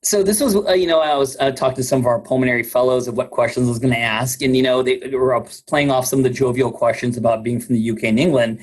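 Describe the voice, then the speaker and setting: A man's voice: mid-range voice, fairly even intonation, fast, hardly any pauses. A man hosting a podcast interview in a jovial, casual way, laughing often and stumbling over his words. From United States. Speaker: podcast host.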